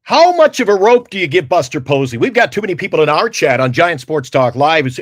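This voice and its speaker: A man hosting a sports talk show, exasperated and animated, with crude asides. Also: fairly high pitch, fast, few pauses, no room sound, clean studio sound. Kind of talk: heated casual sports talk.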